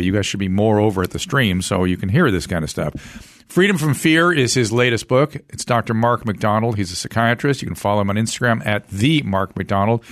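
Older male podcast host, brisk and animated, lowish voice, dry close-miked sound. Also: dry recording. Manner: animated, quick, self-correcting. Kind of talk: casual conversational interview.

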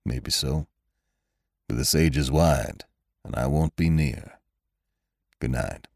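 A man voicing a quiet, laconic cowboy gunman who speaks low and politely in a folksy drawl. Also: slow pace, gravelly, dry recording, clean studio sound, full character voice.

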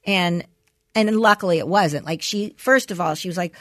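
A woman's voice: fairly low pitch, moderate pace, fairly bright tone, no room sound, clean studio sound. A middle-aged woman co-hosting a podcast, telling a long story with plenty of fillers and acted-out quotes. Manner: rambling storyteller, many "you know" fillers, acts out quotes. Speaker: podcast co-host. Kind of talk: casual chat.

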